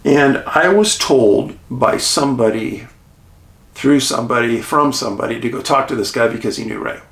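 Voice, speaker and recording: A man telling a behind-the-scenes story about a documentary shoot, animated and chuckling, with dramatic pauses. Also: medium pitch, gravelly. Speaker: documentary filmmaker recounting a shoot. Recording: roomy echo.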